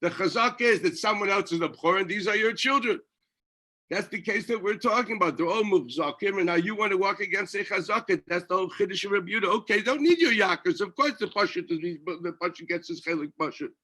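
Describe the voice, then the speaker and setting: A man teaching a yeshiva Talmud class as a rabbi, animated, firing off rhetorical questions and often restarting his sentences. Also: high-pitched, quick pace.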